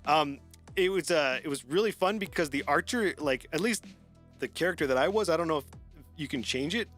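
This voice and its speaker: Man, stream host, fairly high voice, chatty and rambly, laughs a lot, faint music behind. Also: lively intonation, fairly quick, a bit bright. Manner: laughs often, rambling with restarts. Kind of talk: casual chat on a live gaming stream.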